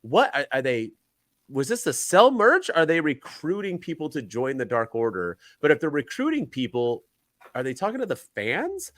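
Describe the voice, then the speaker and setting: A man co-hosting a podcast, recapping wrestling in a rambling, exasperated, animated way. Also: a little high, normal speed, no room sound. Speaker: podcast co-host. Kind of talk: casual wrestling chat.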